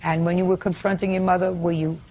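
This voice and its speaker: An older woman presiding as a TV courtroom judge, cross-examining in a sharp, rapid-fire way. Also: lowish voice, little pitch movement, husky. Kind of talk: courtroom questioning.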